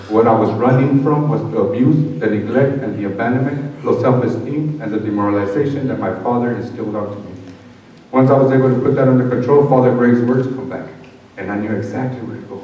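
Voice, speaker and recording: Male speaker, animated storytelling testimony, echoey hall, distant mic. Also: mid-range voice, quick pace. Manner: animated storyteller, acting out dialogue. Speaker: conference speaker. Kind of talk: personal testimony speech. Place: conference hall.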